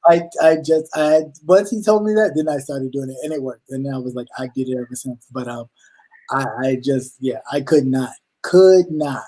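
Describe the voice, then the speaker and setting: Man telling animated stories. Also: mid-range voice, moderate pace, rough recording. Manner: animated storyteller acting out family voices; swears freely. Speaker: co-host. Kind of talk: casual chat.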